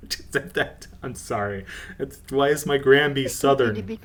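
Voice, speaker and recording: A woman hosting a let's play, giving casual, rambling commentary with quiet, self-mocking asides. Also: rumbling low, animated, slow, background noise.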